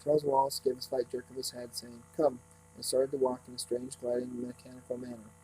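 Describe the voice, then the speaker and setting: Guy reading a book out loud, really dark mellow voice, kinda husky. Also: medium pitch, fast, rough recording. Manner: steady, with small slips and restarts. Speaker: reader. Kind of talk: reading a novel aloud.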